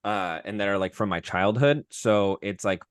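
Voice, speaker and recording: Low-voiced man chatting on a podcast. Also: normal speed, clear, resonant tone, no room sound, clean studio sound. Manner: rambling with many restarts, breaking into character voices. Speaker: voice actor guest. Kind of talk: casual podcast chat.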